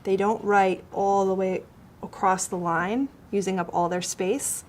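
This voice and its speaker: A woman teacher gently coaching a child one-on-one on his writing, explaining step by step and encouraging him. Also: mid-range voice, fairly even intonation, a little slow, slight background noise.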